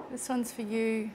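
A woman's voice: fairly high pitch, background noise. A chatty woman hosting a casual cooking demonstration in her home kitchen, laughing often. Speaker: cooking show host.

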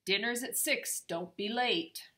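A kindly old grandfather from a storybook, as a grandmother reads his lines aloud. He speaks in a friendly, encouraging way. The voice is bright and clear. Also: mid-range voice, takes it slowly. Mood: firm. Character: kindly older grandfather, gentle.

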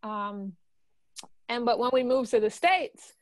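A woman's voice: a little high, animated, slow pace, no room sound. A woman with a Guyanese accent speaks in a slightly raised register, sharing her own experience in a candid, reflective way. The recording is dry, with no room sound. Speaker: guest songwriter. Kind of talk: podcast interview.

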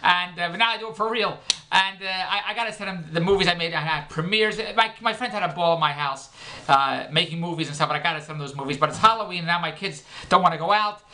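A middle-aged man rambles through a homemade comedy vlog, stumbling over his own punchlines and laughing at them. His voice is bright and forward. A faint hiss sits under the recording. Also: high-pitched, fast talker. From Philadelphia, United States. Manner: joke-telling, rambling, self-interrupting, laughs at himself. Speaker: vlogger and comedian.

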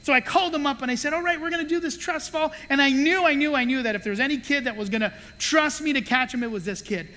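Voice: sits high, fast talker, few pauses, long reverb tail. A pastor preaching a sermon, telling stories with energy and acting out the voices of the people in them, with playful asides. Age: adult with children. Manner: animated storytelling that acts out the voices of the people in the story. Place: church sanctuary.

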